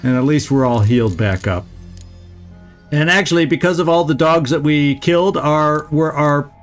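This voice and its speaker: A man's voice: on the high side, moderate pace, faint music behind. A man streaming a video game, giving casual let's-play commentary, chatty and often laughing as he talks to his viewers.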